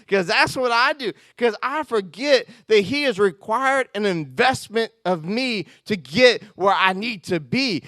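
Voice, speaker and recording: A man giving a conversational sermon as pastor, telling stories with self-mocking humor and quick laughs. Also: high-pitched, a bit bright, no echo, clean studio sound.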